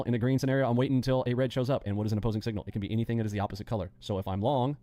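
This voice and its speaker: A man hosting a live day-trading lesson, animated and acting out panicking traders with sound effects as he explains. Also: medium pitch, rapid-fire, few pauses. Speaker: day trading instructor and host.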